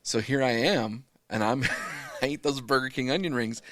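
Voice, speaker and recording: A man's voice: mid-range voice, moderate pace, no echo. A middle-aged man tells a crude story on a podcast and keeps breaking into laughter, swearing as he goes. The recording is dry and close, with almost no room sound. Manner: profane, laughing, animated storytelling. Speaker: podcast co-host.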